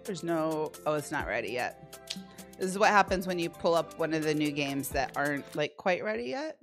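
A woman's voice: deep voice, sing-song, moderate pace. A woman hosting a casual live slot stream from home, playfully chatting and greeting viewers by name. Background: faint slot game music.

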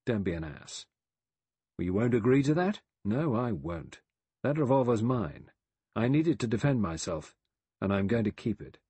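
A man's voice: on the low side, very animated, normal speed, mellow, slightly rough, no echo. A man playing a sardonic, clipped adventurer. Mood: defiant. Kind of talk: audiobook character voice.

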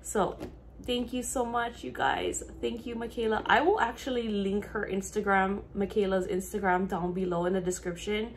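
A young woman talks through an unboxing in her own casual vlog, gushing and emotional, her words tumbling out breathlessly. Her voice sits at an everyday middle pitch. A faint hiss of room noise runs underneath. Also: fairly even intonation, normal speed. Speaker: vlogger.

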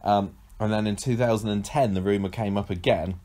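A man's voice: on the low side, fairly even intonation, fairly quick, warm tone. A man co-hosting a podcast in casual chat, talkative and self-deprecating, often laughing. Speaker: podcast co-host.

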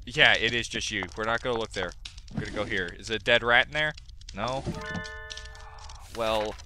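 A man's voice: on the low side, normal speed, faint music behind. A man giving let's play commentary, talking to himself and the characters on screen, and yelping and cursing when things go wrong. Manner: excitable, yelping and cursing at the game. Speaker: gaming video host.

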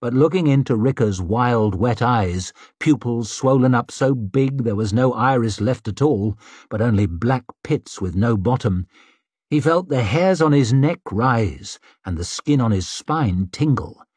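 A man narrating an audiobook in a measured storytelling manner, voice slightly husky. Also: mid-range voice, animated, darkish tone, no room sound, clean studio sound. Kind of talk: scripted narration.

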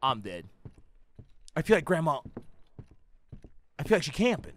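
A young man giving profane, slangy commentary on a horror game, yelling and cursing at jump scares. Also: on the high side, huge pitch swings, unhurried. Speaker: gaming YouTuber. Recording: faint background noise.

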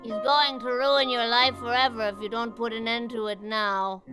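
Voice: medium pitch, flat delivery, music in the background, natural voice. An actor voicing a small toothless old woman who is a fortune teller, with a cackling, wheedling, sinister manner. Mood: sly, coaxing. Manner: cackling, wheedling, drawn-out sly delivery.

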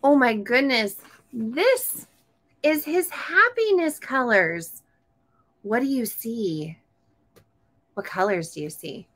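A storytime host reads a picture book to a small child, unhurried, her voice a touch higher than most and fairly bright. Very animated, she keeps coaxing him with questions and gasps and exclaims with delight as the pages turn.

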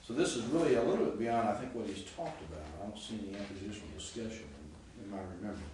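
A man's voice: lowish voice, very fast, a little mellow. A man teaching a Greek class, explaining with frequent restarts and checking that students follow. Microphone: far camera. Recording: echoey classroom from far off with faint noise.

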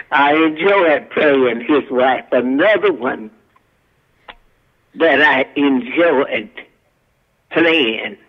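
An older actress and singer, appearing as a guest, recounts her career in a folksy, country manner during a casual storytelling interview. Her pitch is extremely low and the sound lo-fi.

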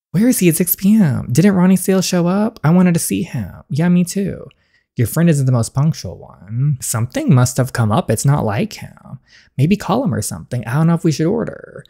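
A woman reading an interactive story game aloud and reacting to it, voicing every character in her own voice and jumping up high and loud when she reacts. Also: expressive, moderate pace, breathy edge.

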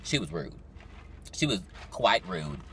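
A young man of nineteen vlogging casually, chatty and dramatic, full of fillers and sudden loud, excited storytelling. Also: low voice, takes it slowly, a little hiss or hum. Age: young adult. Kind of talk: casual vlog talk to camera. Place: parked car. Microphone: phone camera.

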